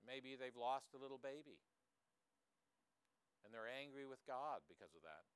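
A man's voice: mid-range voice, animated, moderate pace, smooth, dry recording. A man preaching a sermon in an earnest way, often turning points into questions to his listeners. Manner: earnest, with rhetorical tag questions.

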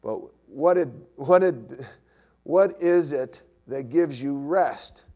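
A man's voice: mid-range voice, animated, slow pace, darkish tone. A middle-aged man giving sermon-style Bible teaching to a class, conversational, repeating his key points. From California.

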